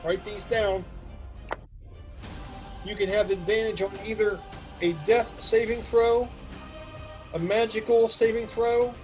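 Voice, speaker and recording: High-voiced man running a tabletop game. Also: highs cut off, soft background music. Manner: animated, counts distances aloud, quick asides to players. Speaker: game master.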